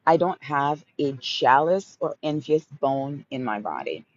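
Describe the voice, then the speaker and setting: In lo-fi sound, a Haitian-accented woman speaks a little slowly in a low-pitched, very animated voice. As host of a motivational livestream Q&A, she emphatically repeats affirming mantras, calling her listeners honey and baby.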